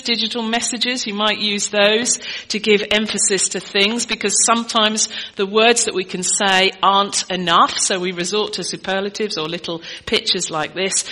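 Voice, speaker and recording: A middle-aged woman preaches to her congregation. Her voice is bright and sharp. She talks in a chatty, teaching way and keeps putting questions to her listeners. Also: a little high, poor audio. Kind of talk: sermon.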